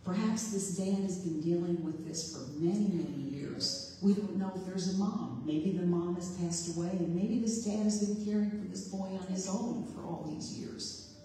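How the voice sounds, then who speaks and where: A woman's voice: lowish voice, moderate pace, dark tone. A woman preaching a sermon to a congregation in a large room, reflective and questioning as she retells the story. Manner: reflective, questioning, voices the father and Jesus in quotes. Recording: echoey hall, voice from far off.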